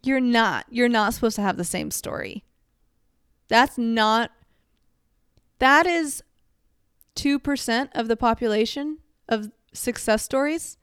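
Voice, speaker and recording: A woman's voice: a little high, clean tone, no room sound, clean studio sound. A woman giving casual advice to the camera, chatty and self-mocking, full of "like" and little laughs.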